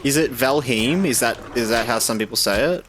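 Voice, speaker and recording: A man's voice: medium pitch, a bit bright, slight background noise. A young Australian man casually streaming a game, bantering with chat and laughing often. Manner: laid-back banter, laughs often, slow drawl.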